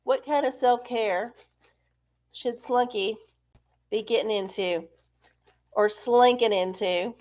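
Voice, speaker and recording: A woman's voice: fairly high pitch, takes it slowly, long pauses, darkish tone. A woman hosting a live stream, rambling and self-deprecating in casual chat with her viewers. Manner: rambling, chatty, self-deprecating, frequent laughs. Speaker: livestream host.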